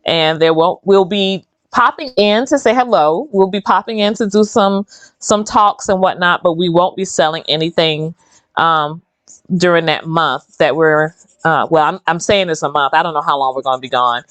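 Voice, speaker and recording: A woman's voice: fairly low pitch, normal speed, dry recording. A woman, hosting a casual, rambling chat while she does her own nails. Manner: chatty, rambling and animated. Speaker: host.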